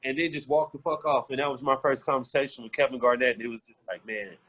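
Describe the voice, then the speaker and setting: A man in a casual sports podcast interview tells locker-room stories with blunt, profane candor. His delivery is animated and loose, with quick shifts as he relives the moments. His voice sits at an ordinary middle pitch. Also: poor audio. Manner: candid, profane, animated retelling. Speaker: podcast guest, former pro basketball player. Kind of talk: casual storytelling.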